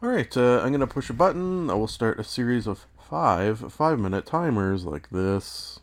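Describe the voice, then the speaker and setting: A man hosting his own podcast, talking in a rambling, self-deprecating way with dry asides, his voice a little hoarse from just waking up. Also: medium pitch, expressive, normal speed. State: morning voice, slightly hoarse. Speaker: podcast host. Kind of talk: casual solo media review.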